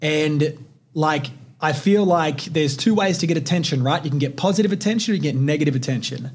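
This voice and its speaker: An Australian man tells a personal story as a podcast host. He sounds lively and profane, with a voice pitched a little above the usual for a man, and he acts out the dialogue as he goes. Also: fairly quick, slightly rough. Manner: animated, profane, acts out quotes.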